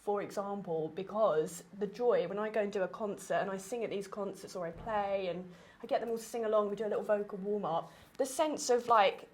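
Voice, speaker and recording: A woman talks casually as a podcast host, full of fillers and quick asides. Her voice is stuffy and congested, and she sounds tired. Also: medium pitch, slight background noise. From Essex, England. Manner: chatty, animated, many fillers. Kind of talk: casual conversation.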